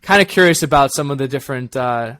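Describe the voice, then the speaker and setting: A man co-hosting a casual review chat, laughing often and rambling in an animated way. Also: mid-range voice, quick pace. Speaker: co-host.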